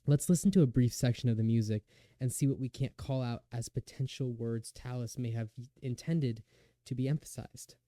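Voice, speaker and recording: A young man narrating a lecture recital in an earnest, measured way, with occasional restarts. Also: medium pitch, dark tone. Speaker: student lecturer.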